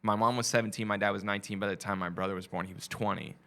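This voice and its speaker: A man, a comedian guest from Texas, telling a family story in casual, animated chat. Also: fairly low pitch, racing, creaky. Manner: animated, acts out quoted voices.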